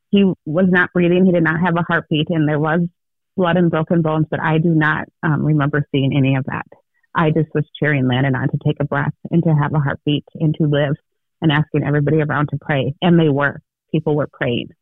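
A woman, speaking as an interview guest in an earnest, halting way with fillers and restarts, recounting a personal ordeal. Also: lowish voice, no echo. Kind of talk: emotional personal testimony. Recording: tinny phone line, dry.

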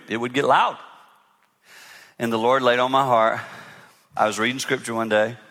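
A man's voice: mid-range voice, sharp tone. A man giving an earnest, conversational sermon-style talk on marriage to a live audience in a large hall. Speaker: guest speaker on marriage. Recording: echoey hall reverb.

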